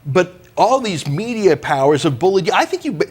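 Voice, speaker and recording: Husky, lively male interviewer. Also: sits high, normal speed. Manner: emphatic, opinionated. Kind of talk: political talk show.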